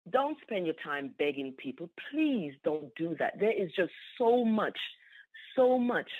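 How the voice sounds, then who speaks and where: An exuberant woman tells her success story on a conference call. She talks in bursts, repeats herself often and laughs easily. The sound is thin and tinny, like a phone line. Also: mid-range voice. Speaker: team member sharing a testimonial. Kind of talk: excited phone testimonial.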